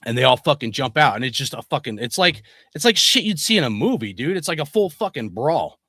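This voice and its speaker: A man's voice: mid-range voice, sing-song, fairly quick, bright, forceful tone, no room sound, studio quality. A young adult man telling a story from his life in a casual, rambling way, swearing often and saying "dude" and "like" a lot.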